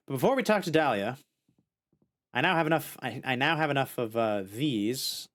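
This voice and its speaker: A streamer giving casual let's-play commentary, chatty and thinking out loud with many restarts. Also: mid-range voice, animated, moderate pace, soft background music.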